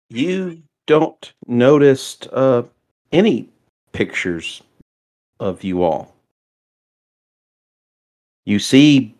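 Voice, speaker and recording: A man narrating a tabletop role-playing game as game master, in a halting way with pauses and fillers. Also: medium pitch.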